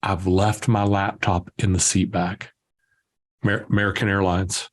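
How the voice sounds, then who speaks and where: A man, a guest entrepreneur, telling lively stories in conversation and acting out the dialogue. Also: low-pitched, measured pace. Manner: lively anecdotal storyteller, acts out dialogue. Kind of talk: conversational storytelling.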